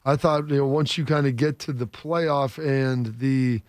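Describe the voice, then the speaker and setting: A man co-hosting a morning sports show, giving calm, measured football analysis. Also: medium pitch, dry recording, studio quality.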